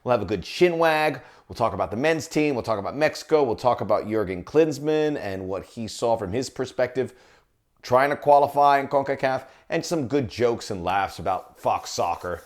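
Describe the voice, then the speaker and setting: A man's voice: mid-range voice, expressive, moderate pace. A middle-aged man, a soccer broadcaster, talking in a jokey, chatty video monologue. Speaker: soccer broadcaster and podcast host.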